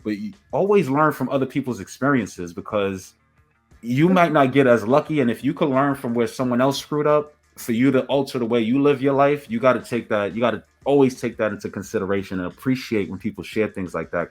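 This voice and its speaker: A man's voice: mid-range voice, a little fast, faint music behind. A man hosting a podcast, talking in an earnest, reflective way and often humming in agreement. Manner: earnest, reflective, frequent affirming hums. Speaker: podcast host. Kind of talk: casual podcast conversation.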